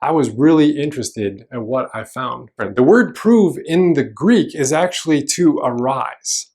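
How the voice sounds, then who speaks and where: A man in the middle of his range, preaching a relaxed, conversational sermon in a church. He walks through the scripture in an explanatory way, with everyday phrasing, fillers and restarts. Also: mid-range voice, unhurried. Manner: casual, explanatory teaching with frequent fillers and restarts. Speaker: pastor.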